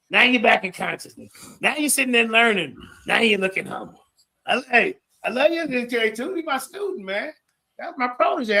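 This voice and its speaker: A man's voice: high-pitched, bright, forceful tone, rough recording. A man commentating on a debate stream in a hyped, boastful, slangy manner.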